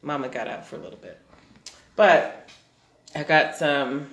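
Lively laughing woman, roomy echo. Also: low voice, unhurried, creaky. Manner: animated, laughs often, trails off mid-sentence. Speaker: podcast co-host. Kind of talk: casual chat.

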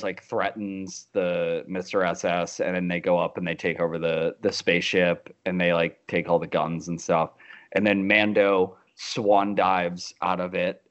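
Low-voiced man on a dull lo-fi mic. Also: steady tone, unhurried. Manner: loose, hesitant summary with fillers. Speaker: podcast co-host. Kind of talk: casual chat. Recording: slightly dull lo-fi sound.

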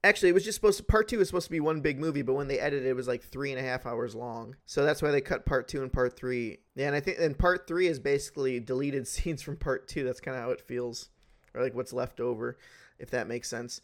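A man hosting a casual podcast chat, animated and swearing freely as he spins comic what-if scenarios. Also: mid-range voice, fast talker. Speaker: podcast host.

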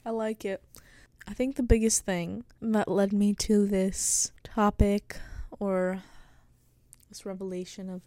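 Musing alone as a podcast host, a young woman in her late teens rambles reflectively with lots of fillers, like she's thinking aloud. Her medium-pitched voice is mellow and soft, captured on a close studio microphone in a dry recording with no room sound.

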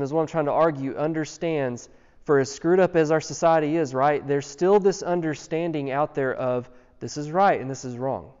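Man, sermon, emphatic rhetorical questions, slightly high voice, smooth tone. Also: a little mellow. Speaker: pastor. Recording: dull sound with long hall reverb.

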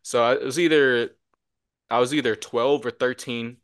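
A young man co-hosting a podcast, telling a story in a loose, animated way and acting out the voices of the people in it. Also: medium pitch, normal speed. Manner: animated storyteller, acts out quotes with shouts. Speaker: podcast co-host. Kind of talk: casual storytelling chat.

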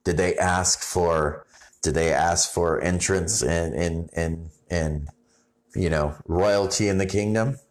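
A man's voice: low-pitched, steady tone. A man preaching a sermon in a conversational way, often restarting his sentences. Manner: conversational, halting restarts, rising intensity when reading scripture. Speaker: pastor.

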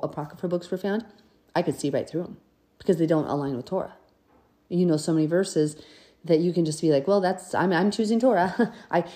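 A woman with a low, warm voice hosts a podcast, reading scripture and commenting on it in an earnest, conversational way.

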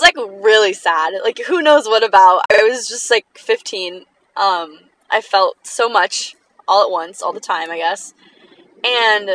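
A woman's voice: on the high side, sharp tone, a little hiss or hum, low-quality recording. A young woman telling personal stories in a casual chat while driving in a car, filling her talk with "like" and laughing often. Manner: chatty, fillers of "like", frequent laughter. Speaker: vlogger.

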